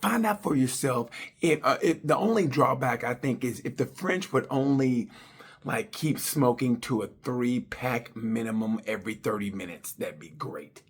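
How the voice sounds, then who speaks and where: Husky man on a rambling comedy rant. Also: mid-range voice, animated, moderate pace. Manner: rambling, loose, profane, restarts a lot. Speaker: comedian reviewing a motorcycle race.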